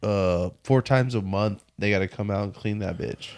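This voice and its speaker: A man's voice: lowish voice, normal speed, darkish tone, smooth, no room sound, clean studio sound. Crude joking Southern man. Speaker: podcast co-host. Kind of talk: casual chat.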